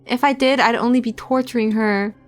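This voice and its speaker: A woman's voice: fairly high pitch, fairly even intonation, a little fast. Young woman streamer reading a visual novel. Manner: reads narration evenly, breaks into giggly casual asides.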